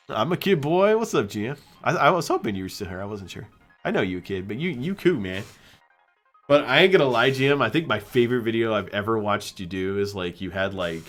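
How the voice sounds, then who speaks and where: A young man streaming live, chatting casually and acting out the people in his stories in a higher voice. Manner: animated storyteller, acts out quotes in a higher voice.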